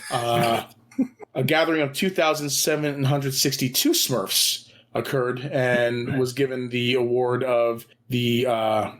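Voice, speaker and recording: Halting man reading podcast news. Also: medium pitch, little pitch movement. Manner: halting, heavy on fillers.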